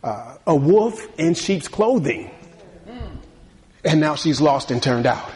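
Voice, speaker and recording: A man's voice: on the high side, lively intonation, takes it slowly, long pauses, darkish tone. A man, a pastor, preaching a sermon in a conversational way, laughing often and building to emphatic bursts.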